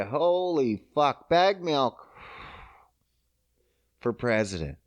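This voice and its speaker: A foul-mouthed podcast host from Prince Edward Island rants on his own. His pitch leaps up and drops down as he works himself into mock fury. His voice sits close to the mic with a dry, dead sound. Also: unhurried, no room sound. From Prince Edward Island, Canada. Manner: swears constantly, ranting and mock-heated; loud, animated pitch swings when riled up. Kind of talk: profane solo podcast rant.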